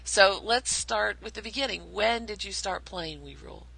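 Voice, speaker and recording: A woman's voice: mid-range voice, moderate pace, gravelly, bright, forceful tone, poor audio. A woman hosting a casual podcast interview, enthusiastic and chatty, often restarting her sentences with fillers. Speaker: podcast host.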